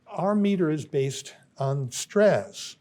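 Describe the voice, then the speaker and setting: An older man giving a university lecture in a thoughtful, unhurried way, often pausing with fillers. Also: on the high side, expressive, warm tone. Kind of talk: classroom lecture.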